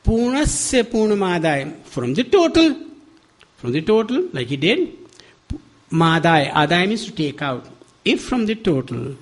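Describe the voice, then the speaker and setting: An older man with an Indian accent, a guest speaker at a devotional center, gives a spiritual talk. He is animated and laughs often while acting out quoted dialogue, his voice sitting high and his pace unhurried.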